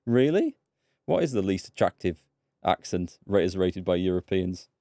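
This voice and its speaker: A man's voice: deep voice, sing-song, moderate pace, dark tone, dry recording, clean studio sound. A British man streaming a game, chatting casually, answering his chat and laughing easily. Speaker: let's play gamer and streamer. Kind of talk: casual live-stream commentary.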